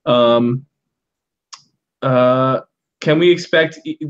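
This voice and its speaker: A man's voice: medium pitch, very slow, clear, resonant tone, dull audio. A man hosting a live fan recap over a video call, rambling casually with lots of ums and uhs. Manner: rambling, full of ums and uhs, laughs a lot. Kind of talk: casual live-stream chat.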